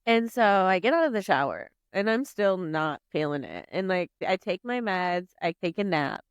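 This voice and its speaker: Animated young woman telling a story. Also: on the low side, normal speed, clean tone, no echo, dull audio. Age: 20s. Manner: animated, swears freely, heavy use of "like". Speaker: podcast guest. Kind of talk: casual storytelling.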